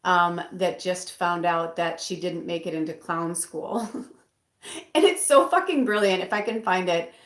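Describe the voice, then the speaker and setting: A woman reading tarot who talks in a loose, rambling way, trailing off and restarting often. Her voice sits slightly low for a woman. The room around her adds a noticeable echo. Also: a little slow, fairly bright tone. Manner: rambling, with many fillers and restarts. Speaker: tarot reader. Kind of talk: casual rambling chat. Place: bedroom at home. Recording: roomy echo.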